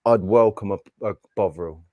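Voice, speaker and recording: A man's voice: fairly low pitch, normal speed, no echo, narrow, tinny audio. A man co-hosting a casual live-stream chat, musing at length and dropping "man" and "mate". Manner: relaxed, rambling, says "man" and "mate". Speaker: co-host.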